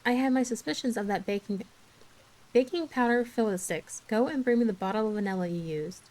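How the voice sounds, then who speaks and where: A woman voicing a stern, practical older woman who scolds in a brisk way during a book reading. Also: a little high, a little mellow, close to an everyday voice. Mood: scolding.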